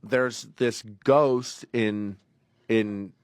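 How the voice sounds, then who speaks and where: A man's voice: fairly low pitch, drawn-out words, smooth, dry recording, studio quality. A man casually telling a long personal story on a podcast, rambling with fillers and acting out quotes. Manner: rambling, animated, acts out quotes in raised voice. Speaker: podcast guest.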